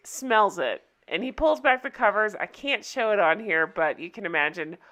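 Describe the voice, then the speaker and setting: A woman's voice: medium pitch, animated, normal speed, fairly bright tone. A woman recapping a TV episode in a casual chat, often breaking up laughing. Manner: giggly, keeps breaking into laughter. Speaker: recap vlogger.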